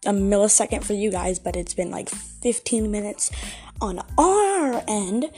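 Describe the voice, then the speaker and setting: A bubbly young woman with a high, bright voice chats fast and giggly through a casual vlog, teasing her friend and hushing now and then. Faint music plays underneath. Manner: giggly, excitable, teasing, trails into whispers. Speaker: vlogger.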